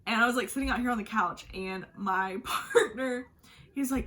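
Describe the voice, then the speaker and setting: A woman's voice: medium pitch, moderate pace, bright, forceful tone. A woman hosting a book channel, chatting casually and gushing about what she read, with lots of "like". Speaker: book vlogger host. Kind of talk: casual book review chat.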